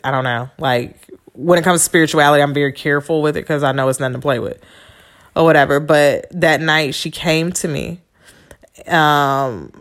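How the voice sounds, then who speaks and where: A woman with a fairly low voice talks in a loose, casual storytelling monologue. She is candid and emphatic, swears freely, and talks straight to her listeners as a podcast host. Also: a bit bright.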